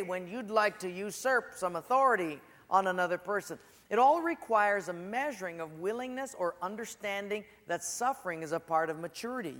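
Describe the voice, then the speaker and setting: A man's voice: high-pitched, fairly bright tone. A man preaching a sermon as a pastor, in a conversational, storytelling way with asides to the congregation. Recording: echoey church hall.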